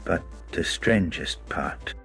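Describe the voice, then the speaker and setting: A man's voice: deep voice, lively intonation, takes it slowly, creaky, a bit bright, faint music behind. A man telling a scripted first-person story as narrator, wry and amused.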